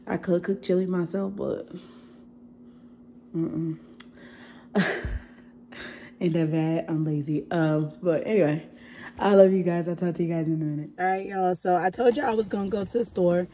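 A young woman vlogs from home while sick and losing her voice, talking directly to viewers in a chatty way and laughing often. She speaks at a moderate pace with frequent pauses, in a fairly low, dark voice with fairly even intonation. There's slight background noise.

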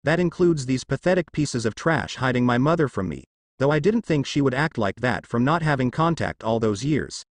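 A man's voice: medium pitch, animated, normal speed, no room sound, natural voice. A man voicing an irritable, grumbling young male ninja in a fan fiction reading.

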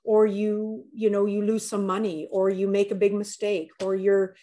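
A woman's voice: mid-range voice, level tone, normal speed, dark tone. Woman coach chatting on a podcast, earnest, kinda repeats herself mid thought, candid stories. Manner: earnest, repeats words as she thinks aloud. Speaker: podcast guest. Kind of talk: candid conversational storytelling.

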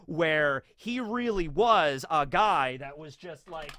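A man giving casual, rambling commentary as an anime theory YouTuber, animated and laughing often. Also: a little high, slow.

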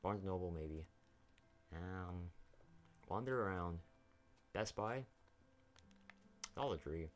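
A man's voice: sits low, animated, slow, long pauses. A young man giving casual, rambling commentary while playing a video game, swearing freely and talking to the characters on screen. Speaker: gaming YouTuber.

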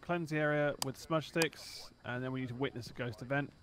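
A British man playing a ghost-hunting video game with friends, loud and playful, often shouting. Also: mid-range voice, a little fast. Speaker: gamer. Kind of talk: let's play banter.

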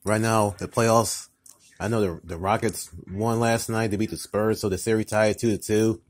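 A tired, upset man talking casually to camera in a vlog, halting and repetitive, often restarting his sentences. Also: fairly low pitch, fairly even intonation. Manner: upset, ranting tone. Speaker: vlogger. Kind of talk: casual mukbang vlog talk.

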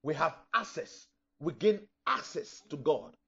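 Middle-aged guy preaching, kinda high voice, emphatic, muffled lo-fi recording. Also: expressive, unhurried, creaky, fairly bright tone, husky. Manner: emphatic preaching, acts out imagined listeners. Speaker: pastor. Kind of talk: sermon. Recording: dull lo-fi recording.

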